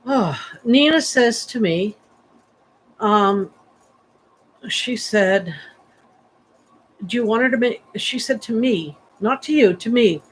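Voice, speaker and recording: A woman's voice: on the high side, expressive, slow pace, pauses often, slightly rough, low-quality recording. A woman giving a psychic reading on a livestream, rambling and chatty with many fillers and restarts, sleepy and yawning. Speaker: psychic medium.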